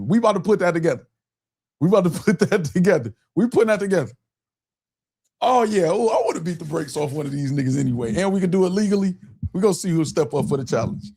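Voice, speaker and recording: A man's voice: sits high, mellow. Chatty, laughing man hosting a live stream. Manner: loose, chatty, laughs often, reads chat aloud. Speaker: live show host. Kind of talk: casual live stream commentary.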